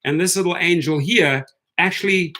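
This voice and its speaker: A man hosting a casual livestream for gig drivers, chatty and excitable, reading viewer comments aloud. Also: high voice, normal speed.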